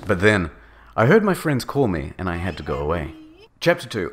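A man's voice: low-pitched, very animated, moderate pace, a little hiss or hum. A man narrating a comedic dramatic reading, mock-dramatic with sardonic asides.

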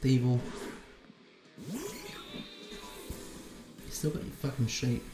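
A man's voice: mid-range voice, slow pace, music in the background. Man streaming a game in an echoey room. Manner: casual, swears freely, mutters to himself. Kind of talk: live game-stream commentary.

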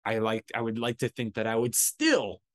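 A man's voice: mid-range voice, moderate pace, no room sound. Casual storytelling man, dry close sound. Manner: animated, profane storytelling with acted-out quotes. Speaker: podcast host.

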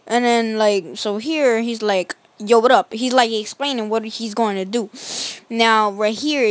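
A woman's voice: on the high side, no echo. Slangy woman narrating pictures. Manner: slangy, rambling, constant "like" fillers. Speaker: video host. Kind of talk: casual commentary over pictures.

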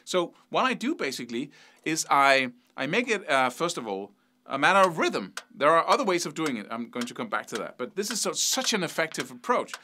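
A man's voice: on the high side, very animated, fairly quick, sharp tone, a little hiss or hum. A man giving a casual guitar lesson, rambling a little and counting and scatting rhythms aloud as he demonstrates. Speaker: guitar teacher. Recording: guitar playing under the voice.

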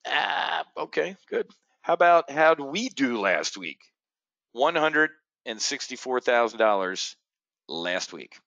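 Seated facing the camera in an indoor studio, an American man runs a live options-trading session in a brash, bragging salesman's style. His mid-range voice is slow, sing-song and creaky, with a fairly bright tone. There's no echo, though the top end is clipped.

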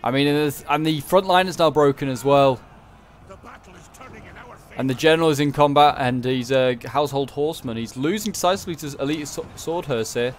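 A man's voice: on the high side, fairly quick. A man giving casual, chatty commentary over a strategy game battle, rambling and correcting himself as he goes. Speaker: gaming video creator.

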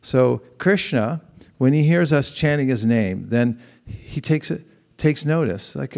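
A man's voice: medium pitch, measured pace, creaky, a little mellow. Conversational man preaching to a live audience. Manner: conversational, asks the audience questions and acts out examples. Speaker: monk giving a spiritual talk.

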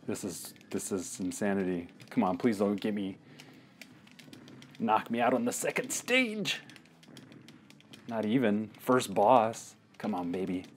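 Deep slow trash-talking man gaming. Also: lively intonation, slight background noise. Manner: trash-talking, swearing, jokey outbursts at the game. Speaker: podcast co-host playing a video game. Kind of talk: casual let's-play commentary.

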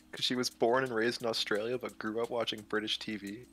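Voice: mid-range voice, fairly even intonation, fast, hardly any pauses, fairly bright tone. A young adult streamer chatting casually and teasing friends, full of "like", over a stream microphone. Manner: teasing, joking, fillers of "like". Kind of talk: casual chat.

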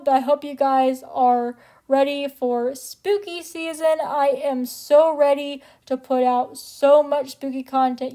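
A woman's voice: high-pitched, a little mellow. A young adult woman hosting her own channel, chatting casually to viewers with lots of "like" and playful exaggeration. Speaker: channel host. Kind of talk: casual vlog talk to viewers.

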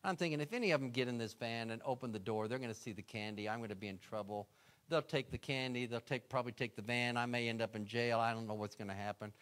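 A man's voice: medium pitch, fast talker, a bit bright. A middle-aged man, a guest speaker, telling a story in a sermon and acting out his own prayers.

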